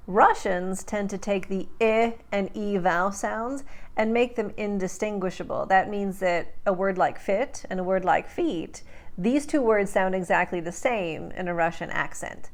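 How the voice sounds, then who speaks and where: A woman speech coach and host teaching accent sounds in a clear, deliberate way. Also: medium pitch. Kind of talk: accent tutorial.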